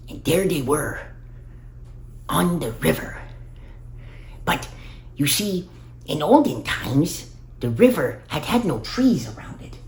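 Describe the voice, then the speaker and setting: Woman storyteller, slow and low-pitched with a lively lilt, rambling kids' tale, roomy echo. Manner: rambling, unhurried, with fillers. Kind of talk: improvised children's story narration.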